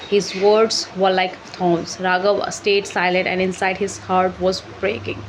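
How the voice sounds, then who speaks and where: Woman reading haltingly. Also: lowish voice, flat delivery, slight background noise, rough recording. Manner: halting, self-correcting reading. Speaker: English learning channel host. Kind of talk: reading a story aloud for shadowing practice.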